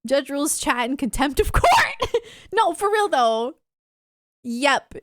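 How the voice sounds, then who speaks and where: A woman's voice: high-pitched, lively intonation, slow, no room sound, clean studio sound. A woman streamer chatting with her live chat, playfully mock-offended and laughing often. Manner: soft baby talk to her dog.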